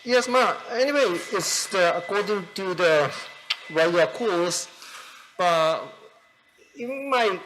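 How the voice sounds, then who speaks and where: Japanese-accented male doctor narrating his live procedure, voice a touch high, hesitant, full of fillers. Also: expressive, fairly bright tone, a little hiss or hum, low-quality recording. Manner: halting, many fillers and restarts. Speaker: cardiologist performing a live procedure. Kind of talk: live case explanation at a conference.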